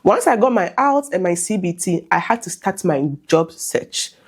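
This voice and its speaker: A Ghanaian woman nurse, hoarse from a cold, talking through a scripted vlog with a clear, measured delivery. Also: fairly low pitch, expressive. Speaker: vlogger, nurse.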